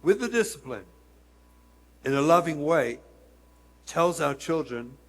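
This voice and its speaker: A man's voice: on the high side, lively intonation, unhurried, big-room sound. A man, a rabbi, giving an earnest storytelling lecture and speaking directly to his listeners.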